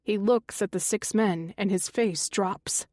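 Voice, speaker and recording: A woman reading a first-person thriller audiobook in a slow, measured way, lifting her voice for quoted characters. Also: medium pitch, darkish tone, no room sound, clean studio sound. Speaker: audiobook narrator. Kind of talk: scripted narration.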